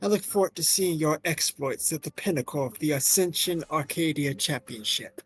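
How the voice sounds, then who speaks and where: A man voicing a scheming villainous male president, speaking very deep, slow and menacing, with faint music behind. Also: lightly acted.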